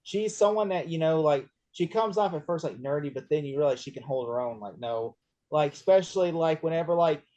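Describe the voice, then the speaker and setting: A man chatting casually about a movie, rambling with lots of fillers and getting excited as he retells scenes. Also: fairly high pitch, a little fast. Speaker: podcast co-host.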